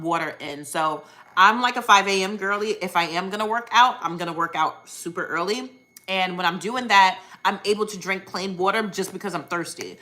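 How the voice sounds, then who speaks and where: Bright-voiced chatty woman on a live stream. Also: mid-range voice. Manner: chatty, upbeat, frequent ums and self-corrections. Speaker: weight loss surgery vlogger hosting a live stream. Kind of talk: casual live-stream chat answering viewers.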